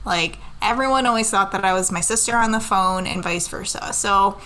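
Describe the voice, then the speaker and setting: A woman's voice: mid-range voice, moderate pace, pushed and bright, poor audio. A woman co-hosting a casual chat, blunt, swearing freely and laughing often.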